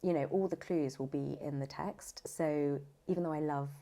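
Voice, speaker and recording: A British woman voiceover artist talking in a podcast interview, chatty and animated with lots of fillers. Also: sits low, moderate pace. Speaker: voiceover artist and audiobook narrator.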